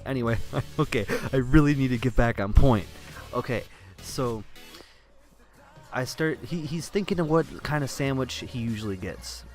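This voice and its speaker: A man's voice: medium pitch, moderate pace, darkish tone, faint music behind. A young man casually telling a story from his sandwich shop job, rambling with lots of fillers and swearing. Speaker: vlogger, sandwich shop worker.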